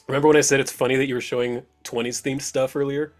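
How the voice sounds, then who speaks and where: A man's voice: medium pitch, level tone, quick pace, faint music behind. A man as game master of an online tabletop game, chatty and upbeat, often laughing.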